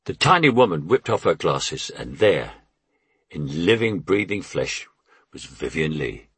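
Deep husky older man telling memoirs. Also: big pitch swings, a little slow, a bit bright, dry recording. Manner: wry, anecdotal. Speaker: memoir narrator. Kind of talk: memoir audiobook narration.

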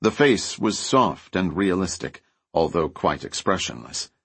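A man reading a thriller as an audiobook narrator, telling the story with lively expression. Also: low-pitched, a little slow, vocal fry, slightly rough, dry recording. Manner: lively storytelling, voices characters lightly. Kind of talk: scripted narration.

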